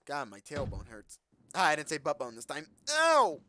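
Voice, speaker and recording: Bright-voiced joking gamer man. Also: brisk, a little hiss or hum. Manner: joking, talks to game characters, loud outbursts; reads on-screen text in a low mutter. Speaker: let's play gamer. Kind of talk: casual gameplay commentary.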